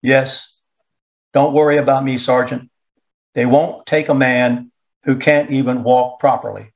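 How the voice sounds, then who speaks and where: Weary wounded lieutenant in a storybook reading, gentle and plain, voiced by a man, slow, on a dull lo-fi recording. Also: medium pitch, fairly even intonation, vocal fry.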